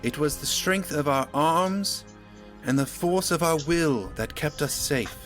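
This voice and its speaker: A man's voice: on the high side, animated, unhurried, fairly bright tone, faint music behind, pitched above the performer's own voice. A man voicing a commanding female town leader in a tabletop game, giving a stately, solemn rallying speech. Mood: stirring, solemn.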